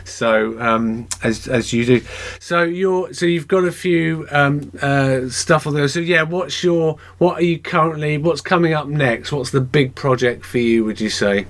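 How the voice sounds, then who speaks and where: A man's voice: fairly high pitch, unhurried. A man hosting a podcast interview, chatting casually and telling rambling stories with many restarts. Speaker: podcast host.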